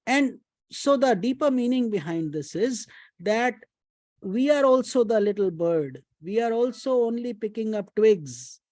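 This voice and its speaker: A male spiritual teacher tells a devotional story at an easy pace, chanting mantras and slipping in Hindi phrases. His voice is mellow and warm. The sound is dry and close. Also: high voice, no echo.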